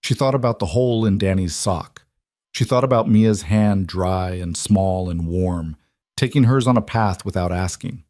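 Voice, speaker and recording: A man narrating a story in a steady, unhurried way. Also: sits low, dry recording, studio quality. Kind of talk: scripted narration.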